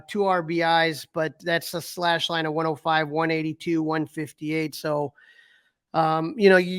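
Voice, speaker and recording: A middle-aged man with a fairly high voice talks casually on a sports podcast. He reels off numbers, stumbles over restarts and fills pauses with "um". The sound is dry and close, with no room around it. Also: fairly bright tone, clear, resonant tone, no echo. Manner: reels off stats with fillers and restarts. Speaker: podcast co-host.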